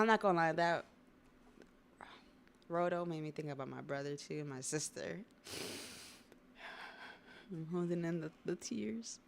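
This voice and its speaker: A young woman chats through her reactions on a livestream, slangy and excitable. Her voice sits low for a woman and carries a gravelly fry. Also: slight background noise. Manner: slangy and excitable, says bruh and y'all. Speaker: livestreamer reading and reacting to a comic. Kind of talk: casual reaction chat.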